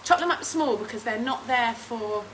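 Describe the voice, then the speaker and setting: Chatty high-voiced woman cooking. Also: expressive, moderate pace, very noisy. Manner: chatty and rambling, often laughing, reading out viewer comments. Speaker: host of a home cooking stream. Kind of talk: casual live-stream chat while cooking. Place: home kitchen.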